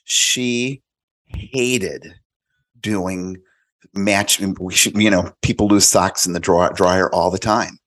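A man as a podcast guest telling animated stories in casual chat, acting out quoted voices. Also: low voice, slow pace.

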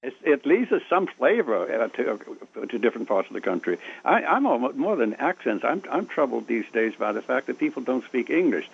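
A man's voice: mid-range voice, very animated, fairly quick, creaky, few pauses, husky. An older man from Virginia, a genial guest reminiscing on a radio interview by phone and laughing easily. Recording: dull lo-fi phone line.

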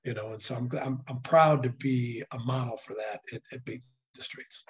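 A hoarse man, a nonprofit director, talking earnestly in a casual interview and often restarting his sentences. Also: medium pitch, steady tone, moderate pace. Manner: earnest, with frequent restarts and fillers. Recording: dull lo-fi sound.

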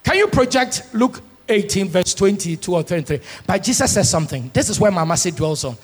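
A man preaches in a high, husky voice. He swings between quiet asides and shouted, half-sung lines. The sound rings with the long reverb of a large church hall. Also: very animated, brisk. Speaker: pastor. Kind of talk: sermon.

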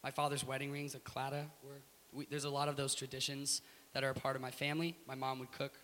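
American man as interview guest; lively and emphatic, bright tone, long room reverb. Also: mid-range voice, quick pace. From United States. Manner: animated, emphatic, laughs through his story. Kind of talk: animated storytelling in an interview. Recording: echoey room with faint hiss.

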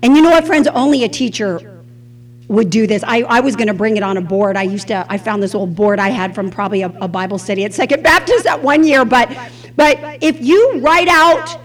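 Speaking fairly quickly with a fairly high pitch, a middle-aged Southern US woman delivers a sermon-style Bible lesson. She's animated throughout, acting out each quote she relates.

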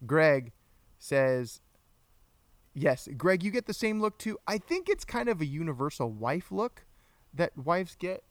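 A man's voice: fairly high pitch, big pitch swings, unhurried, no room sound. A man co-hosting a casual live podcast, joking, laughing often and reading out viewer comments. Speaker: podcast co-host. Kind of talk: casual live-stream chat.

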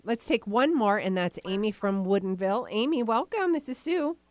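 A woman's voice: a little high, lively intonation, moderate pace, darkish tone, no echo. A woman hosting a call-in psychic radio show, chatty and enthusiastic as she takes callers. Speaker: psychic medium host.

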